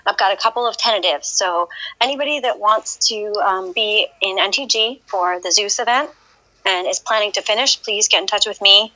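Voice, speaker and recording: Bright, giggly woman telling stories. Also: medium pitch, fairly quick, rough recording. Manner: giggly, animated storyteller. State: sleepy. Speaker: co-host of a game live stream. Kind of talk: casual chat.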